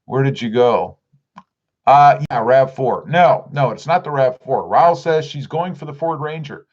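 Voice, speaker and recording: A man's voice: mid-range voice, a little slow, highs cut off. A man hosting a casual livestream, reading out viewer comments and answering each one. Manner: reads viewer comments aloud and answers them. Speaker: livestream host reading chat.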